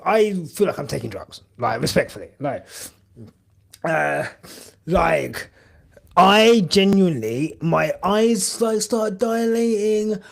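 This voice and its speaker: A man's voice: sits high, vocal fry. A young man chatting casually on a live stream, rambling with many fillers and casual swearing. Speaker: podcast host streaming live.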